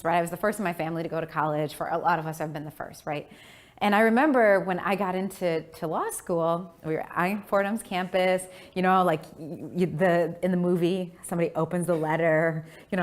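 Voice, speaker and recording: A woman in her forties from Milwaukee giving a keynote speech, telling stories in a lively way and laughing often. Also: mid-range voice. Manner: animated, imitates her parents' voices, laughs often. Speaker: keynote speaker.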